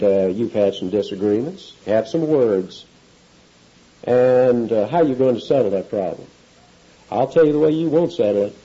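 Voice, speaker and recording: A man's voice: fairly low pitch, dark tone, slightly rough, muffled recording. A male pastor preaching an expository sermon in a conversational way, often putting questions to his listeners. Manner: conversational, asks the audience questions.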